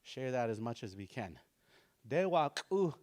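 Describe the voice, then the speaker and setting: A man teaching a language class in a relaxed, casual way, saying words slowly and repeating them for learners. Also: mid-range voice.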